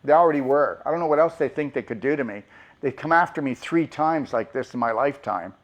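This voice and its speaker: A man's voice: medium pitch, fast talker. A man, a doctor, giving an impassioned motivational talk and pressing his audience with rhetorical questions.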